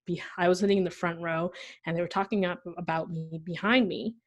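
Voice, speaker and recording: A young woman from Pakistan talks as a podcast guest, her voice sitting a little low for a woman. She tells her story with energy, slipping into the voices of the people she quotes. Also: fairly even intonation, brisk. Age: young adult. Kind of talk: conversational podcast interview.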